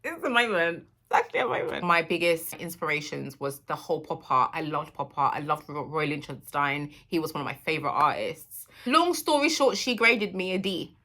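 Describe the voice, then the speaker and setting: A woman's voice: deep voice, expressive, fairly quick, hardly any pauses, bright, forceful tone. A woman in her thirties, telling a personal story in a candid, emotional monologue for her vlog. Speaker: vlogger.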